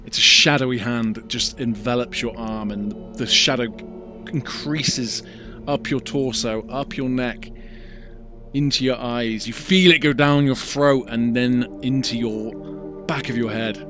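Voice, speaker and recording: A man's voice: medium pitch, unhurried, music in the background. Man narrating an eerie tabletop scene. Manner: vivid, ominous scene narration. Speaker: dungeon master.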